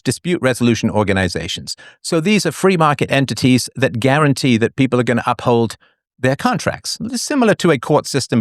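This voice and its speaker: A man hosting a debate, explaining his views in a lively, argumentative way. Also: medium pitch, no echo, clean studio sound. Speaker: debate host.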